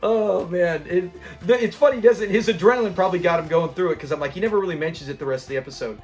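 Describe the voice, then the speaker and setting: High-voiced man excitedly recapping a sitcom. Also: fast talker, soft background music. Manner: animated retelling, laughing often. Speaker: host of a show review channel. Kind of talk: casual episode review.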